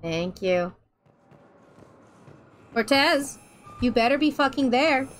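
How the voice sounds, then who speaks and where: High-voiced, chatty woman gaming streamer. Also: expressive, takes it slowly. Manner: chatty, swearing, jokey. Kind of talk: let's play commentary.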